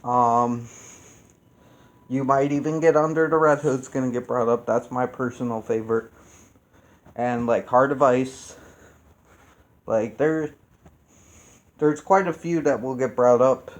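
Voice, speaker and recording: Male reviewer, casual chat, profane and rambling, ordinary mid pitch. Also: fairly even intonation, measured pace, long pauses. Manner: rambling, profane, restarts often. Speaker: YouTube reviewer.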